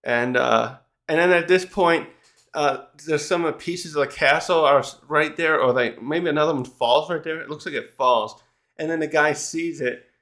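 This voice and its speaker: A man's voice: on the high side, moderate pace, fairly bright tone. A man casually recapping a manga chapter in a rambling, chatty way, with frequent restarts and small laughs.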